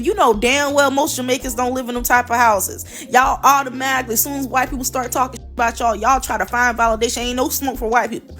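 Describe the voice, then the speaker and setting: A woman's voice: high-pitched, a bit bright. A woman ranting in a crude, mocking and profane way. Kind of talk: casual rant.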